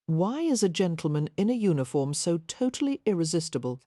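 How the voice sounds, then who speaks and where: A woman's voice: lowish voice, sing-song, a little fast, dark tone, dry recording, studio quality. A woman reading an audiobook, voicing a bubbly young lady who gushes playfully. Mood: giddy. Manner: gushing, playful.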